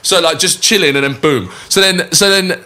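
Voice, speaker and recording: Young man, podcast guest, fairly high and bright-toned voice, animated storyteller who swears and laughs mid-sentence. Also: normal speed. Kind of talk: casual storytelling chat.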